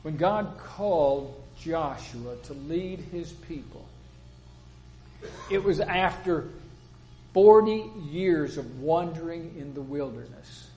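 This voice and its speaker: Plain-spoken older preacher, slightly high voice. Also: male voice, slow pace, rough recording. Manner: plain-spoken storytelling preacher, quotes people in lively voices. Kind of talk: sermon.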